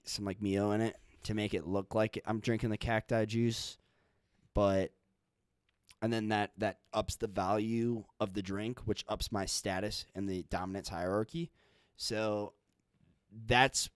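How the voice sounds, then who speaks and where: A young man hosting a podcast, chatting casually with deadpan mock bragging and swearing. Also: lowish voice, no room sound, clean studio sound. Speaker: podcast host. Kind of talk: casual chat.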